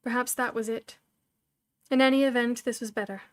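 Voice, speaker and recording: Lady reading a novel out loud, kinda high voice, acts out the dialogue, dry close sound. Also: brisk, no room sound. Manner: expressive, acts out each character's lines. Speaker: storyteller.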